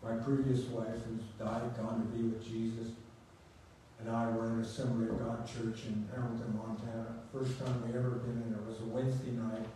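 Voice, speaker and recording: Older male preacher, mellow, storytelling sermon, recorded from afar in a roomy hall. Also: medium pitch, completely flat delivery, moderate pace. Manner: storytelling, conversational, laughs at own stories. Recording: echoey room, distant mic, faint hum.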